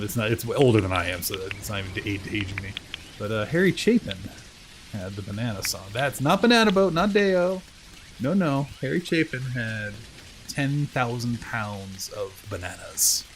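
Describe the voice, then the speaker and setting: A man's voice: fairly low pitch, noisy background. A man chatting casually while live-streaming a video game, rambling through asides and poking fun at himself. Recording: game music playing clearly behind.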